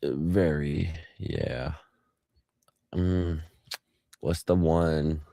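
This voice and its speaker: Very deep slow gravelly young man. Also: fairly even intonation, dark tone, no echo, clean studio sound. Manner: short laid-back replies. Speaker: podcast co-host. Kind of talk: casual podcast chat.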